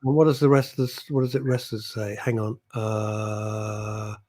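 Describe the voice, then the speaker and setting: A man's voice: lowish voice, flat delivery, unhurried, warm tone. A man hosting a radio show, blunt and jokey as he reads out listener messages. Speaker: radio host. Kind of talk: casual radio chat.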